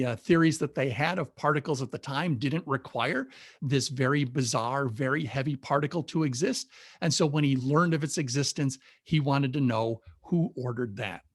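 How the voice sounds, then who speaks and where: A man's voice: fairly high pitch, no room sound, clean studio sound. A man presenting an informal public science talk on a video call, explaining things methodically with enthusiasm. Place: home or office on a webinar. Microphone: video call mic.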